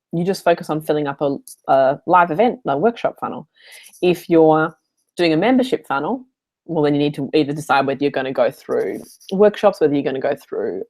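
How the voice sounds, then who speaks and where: Chatty woman answering questions live, low voice, rambles into side stories. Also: darkish tone. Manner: chatty, digressive, laughs often. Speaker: online business coach hosting office hours. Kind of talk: casual live Q&A chat. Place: hotel room.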